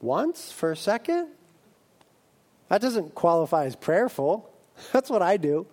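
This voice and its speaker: Man, pastor, sermon, animated, playful, high voice. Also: unhurried, breathy edge. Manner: animated, acts out comic voices of his congregation.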